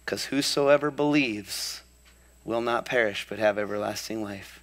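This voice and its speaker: A man's voice: fairly low pitch, unhurried, fairly bright tone. A male pastor preaching a sermon to a live congregation, storytelling with humorous asides and building to impassioned crescendos. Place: church before a live congregation.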